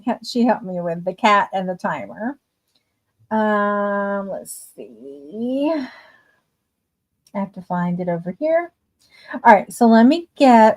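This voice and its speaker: A woman hosts a livestream of writing sprints, chatting casually and warmly greeting viewers by name. Her voice is medium in pitch and a little mellow.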